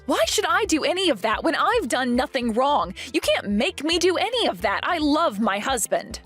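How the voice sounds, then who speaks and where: A woman voicing a domineering older mother-in-law who scolds in a shrill, self-righteous way. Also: sing-song, moderate pace, fairly bright tone, faint music behind. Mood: furious. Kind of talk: animated story voice acting.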